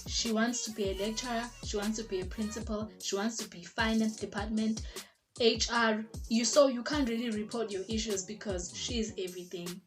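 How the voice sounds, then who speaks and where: A young South African woman telling a casual storytime, chatty and animated, slipping in isiZulu phrases and lots of "like". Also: mid-range voice. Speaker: vlogger. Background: background music.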